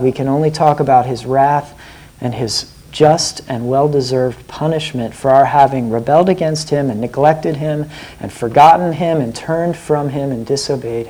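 A man's voice: fairly high pitch, warm tone, rough recording. Earnest man preaching a sermon. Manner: earnest, asks the listeners direct questions.

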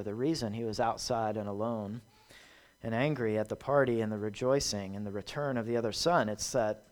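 Brief: male preacher, mid-pitched, emphatic repeated phrases, sermon delivery.

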